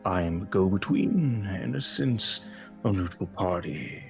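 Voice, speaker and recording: A low, measured voice for an ancient lord of stone, as a game master puts him on. He talks with formal calm, like a neutral party keeping his distance. Soft music plays behind him. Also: vocal fry, exaggerated voice.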